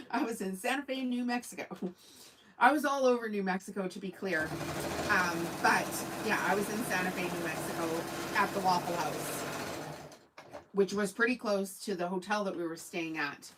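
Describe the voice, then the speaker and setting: A woman hosts a relaxed sewing livestream, rambling and answering her viewers' comments as she goes. Her voice sits in an ordinary middle pitch. A sewing machine and room noise are clearly heard behind her. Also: moderate pace, rough recording. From Canada. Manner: chatty, rambling, reads and answers chat comments. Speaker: sewing channel host. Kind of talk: casual livestream chat.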